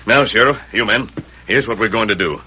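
An actor playing a decisive frontier hero who takes charge, in 1940s radio acting style, on an old radio recording. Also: male voice, fairly low pitch, brisk, bright, forceful tone, breathy edge, full character voice. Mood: commanding. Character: commanding masked frontier hero. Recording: dull old radio broadcast.

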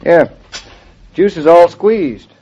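An actor playing a teasing young husband in a vintage radio drama, wry and joking. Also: male voice, on the high side, expressive, takes it slowly, dark tone, breathy edge, exaggerated voice. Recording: muffled old radio recording.

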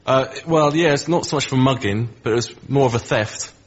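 A man in a comedy audience giving a hesitant, halting answer to the comedian. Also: medium pitch. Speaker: audience member. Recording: dull live radio recording.

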